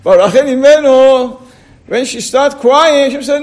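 A man's voice: very high voice, unhurried. A man teaching a casual religious class, repeating words and firing rhetorical questions at his listeners. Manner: checks on listeners with short asides. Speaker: Torah teacher.

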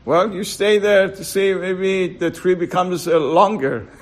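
A man teaching a Torah class, telling a parable in a halting, storytelling way and chuckling as he acts out the dialogue. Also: high-pitched, steady tone. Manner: halting, fillers, slow and deliberate. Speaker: rabbi.

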